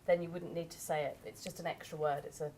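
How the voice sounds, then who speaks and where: A woman's voice: sits low, fairly even intonation, fast, noisy background. A woman, giving frank but kind feedback to a speaker. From England. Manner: frank, reflective, gently corrective. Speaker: judge.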